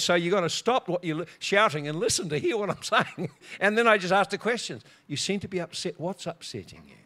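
A man's voice: a little high, a bit bright. Laughing preacher man telling a story. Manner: laughs often, storytelling, repeats words. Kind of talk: sermon with personal story.

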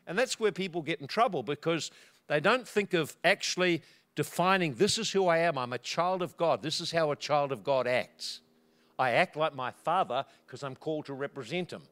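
A man preaching a sermon, telling a personal story and acting out the voices in it. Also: moderate pace. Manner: storytelling, acting out quotes with big swings of pitch and loudness.

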